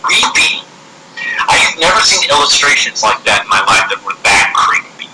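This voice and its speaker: A man with a medium-pitched, brisk voice is being interviewed as an actor guest. He chats casually and tells stories like an animated storyteller, acting out voices and laughing often. The room is echoey, with loud background noise.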